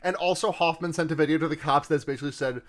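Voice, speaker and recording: A man in a loose, rambling podcast chat about a horror film, his voice sitting a little higher than most men's. He stumbles through restarts and fillers and swears freely. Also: fairly even intonation, racing. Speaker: podcast co-host. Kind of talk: casual film-review chat.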